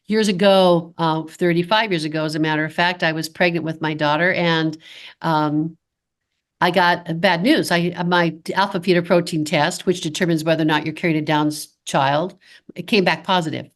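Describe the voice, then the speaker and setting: A woman's voice: sits low, normal speed. A woman in her fifties, a dental practice consultant, giving a podcast interview and acting out quoted dialogue as she tells stories. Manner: animated storyteller who acts out quoted dialogue.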